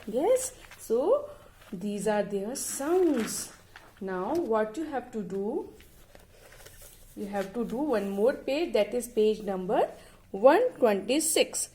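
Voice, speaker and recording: A woman teacher talks through a lesson at a very slow, deliberate pace. Her pitch sits a little high and swings widely, climbing sharply whenever she imitates an animal. She often spells words out letter by letter. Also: very animated, warm tone, a little hiss or hum. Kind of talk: online class lesson.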